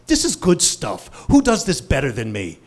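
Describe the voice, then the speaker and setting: A man's voice: on the high side, huge pitch swings, moderate pace. A man voicing a bitter, washed-up middle-aged male comedian, grumbling and resentful.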